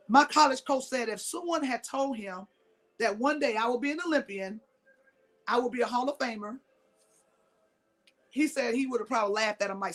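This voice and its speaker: Emphatic woman giving a motivational talk. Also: fairly high pitch. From Mississippi, US. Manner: emphatic, repeats key phrases, asks audience questions. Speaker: motivational speaker.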